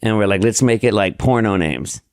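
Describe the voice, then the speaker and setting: A man's voice: on the low side, animated, moderate pace, no room sound, studio quality. A man telling a long story as a podcast guest in casual chat, rambling and profane, acting out other people's lines. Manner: rambling, profane, acts out dialogue.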